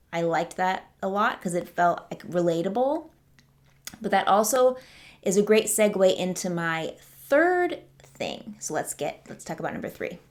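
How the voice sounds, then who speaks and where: Chatty woman reviewing a movie. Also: on the low side. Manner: chatty, enthusiastic, many fillers and restarts. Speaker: movie reviewer, channel host. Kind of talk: casual film review vlog.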